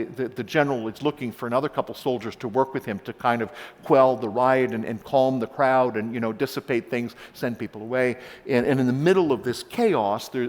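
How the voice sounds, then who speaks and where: Pastor preaching in a reverberant church. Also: male voice, mid-range voice. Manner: animated storytelling, frequent repeated starts. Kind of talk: sermon with scripture reading. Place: church sanctuary.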